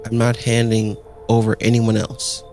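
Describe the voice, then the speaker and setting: A young male streamer talks through his game in a gravelly, creaky voice, firing off excitable, profane reactions. Faint game music plays softly behind him. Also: fairly low pitch, measured pace. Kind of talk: live gameplay commentary.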